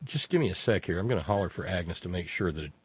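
Male talk radio host, blunt and jokey, very lively pitch, deep voice. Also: fast, husky. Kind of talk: casual live radio talk. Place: radio studio.

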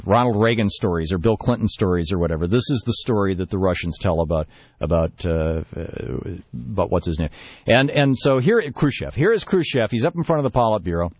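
In a radio studio, a male talk show host with a lowish voice tells a long, rambling story before building into an emphatic rant about politics. The audio is dull, with no room sound.

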